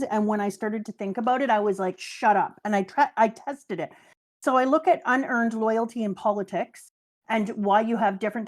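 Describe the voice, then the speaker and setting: A woman's voice: fairly high pitch, darkish tone. A middle-aged woman in casual chat on a live stream, building her points with emphatic, exasperated bursts. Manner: emphatic, exclaims mild curses for emphasis.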